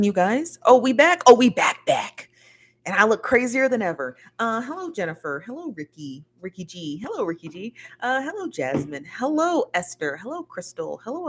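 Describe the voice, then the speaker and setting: A woman hosting a casual livestream after show, chatty and a little tired, greeting viewers and reading their comments aloud. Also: mid-range voice. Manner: chatty, laughing, reads out chat comments. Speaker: livestream host.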